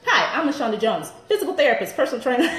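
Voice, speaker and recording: A woman's voice: sits high, big pitch swings, fast talker, fairly bright tone, roomy sound, soft background music, rough recording. A woman personal trainer in her thirties, chatting upbeat on a live stream to viewers and laughing often.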